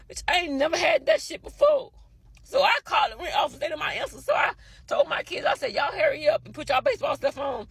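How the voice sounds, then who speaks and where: A mother ranting furiously to camera, cursing and shouting about her landlord. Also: high-pitched, sing-song, quick pace, creaky. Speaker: tenant posting a video. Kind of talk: angry rant to camera.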